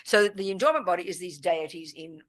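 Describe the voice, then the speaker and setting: A woman's voice: on the low side, expressive, brisk. A woman giving a live Buddhist teaching at a retreat. She speaks emphatically and often stops to ask whether the listeners understand. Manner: emphatic and forthright, often checking "do you understand?". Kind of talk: live dharma teaching with questions and answers. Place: meditation center teaching room.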